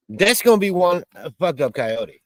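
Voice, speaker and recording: A man's high-sitting voice comes through poor audio with no room sound. He's a livestream host cooking outside in a rural area, chatting casually, rambling, swearing and reading chat aloud.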